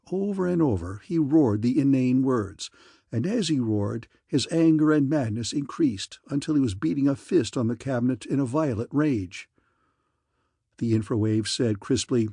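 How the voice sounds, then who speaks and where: A man reading a science fiction audiobook in an even, measured narration. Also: medium pitch, no room sound, studio quality.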